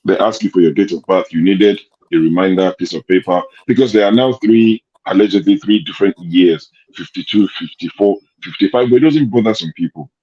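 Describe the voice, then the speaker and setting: A man's voice: deep voice, brisk, few pauses, dark tone, muffled recording. A man hosting a casual political commentary show, arguing his points with rhetorical questions over a remote call. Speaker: show host.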